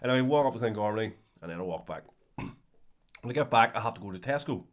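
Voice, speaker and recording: A man with a Belfast accent telling a funny story in casual podcast chat, sweary and animated, acting out the people in it. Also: lowish voice, fast. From Northern Ireland. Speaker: podcast co-host.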